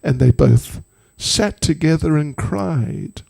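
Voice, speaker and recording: Slow-talking spiritual teacher guy, gravelly and mellow, joking with the crowd as he tells the story. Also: on the high side, expressive. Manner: humorous, chatty asides to audience. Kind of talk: devotional storytelling talk.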